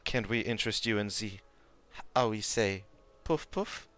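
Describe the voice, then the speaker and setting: A man's voice: on the low side, measured pace, fairly bright tone. A man putting on a clumsy mock French accent to voice a flirty, coaxing woman attendant.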